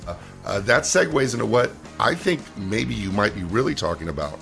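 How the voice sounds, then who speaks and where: A man's voice: on the low side, lively intonation, moderate pace, creaky, few pauses, over music. A man co-hosting a podcast, reading out show plugs and asking the questions in an upbeat way. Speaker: podcast co-host. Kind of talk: casual podcast talk, show promos.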